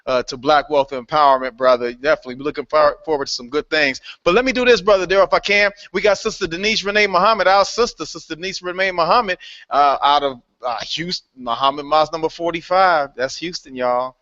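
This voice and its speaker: A man hosting a live online call, welcoming new members in a lively, playful way and laughing often. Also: a little high, quick pace, no echo. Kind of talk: casual live call-in chat. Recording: dull lo-fi online call audio.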